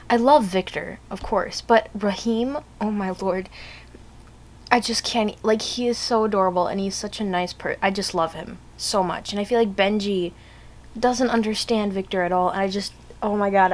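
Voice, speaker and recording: A woman's voice: medium pitch, moderate pace. Chatty young woman vlogging. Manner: chatty, gushing, rambling with many fillers. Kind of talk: casual reading vlog chat.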